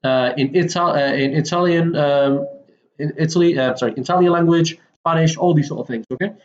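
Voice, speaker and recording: Speaking fairly quickly in a fairly high voice, a man teaches English from a textbook in a casual recorded walkthrough, peppered with fillers and self-corrections. The sound quality is lo-fi.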